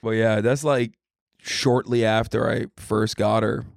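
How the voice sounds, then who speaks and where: A man's voice: lowish voice, fairly even intonation, measured pace, gravelly, no room sound, studio quality. A man talking casually as a podcast guest, blunt and profane, laughing often. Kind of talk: casual chat.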